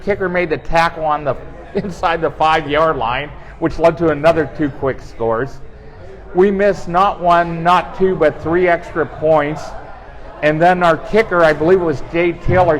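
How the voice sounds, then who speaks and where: A man telling animated, funny anecdotes in a casual chat, acting out quoted dialogue. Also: a little high, rough recording. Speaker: guest storyteller on team talk show. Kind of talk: casual storytelling.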